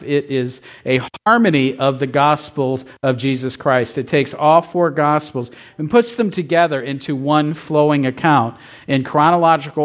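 A man in middle age preaches with a fairly high voice. He tells his story in a loose, chatty way and keeps checking in with the congregation. It sounds like a pastor talking to his own church. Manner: casual storytelling, asks the congregation questions. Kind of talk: conversational sermon.

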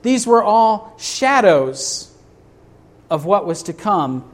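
A man's voice: sits high, big pitch swings, slow pace. A man preaching a sermon to a congregation in a church, emphatic, asking rhetorical questions. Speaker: pastor.

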